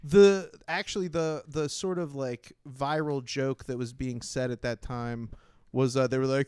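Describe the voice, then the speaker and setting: Smooth-voiced male podcast host, dry close mic. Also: medium pitch, steady tone, unhurried, darkish tone, no echo. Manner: laughs a lot, says "dude", puts on voices for quotes. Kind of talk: casual comedy podcast chat.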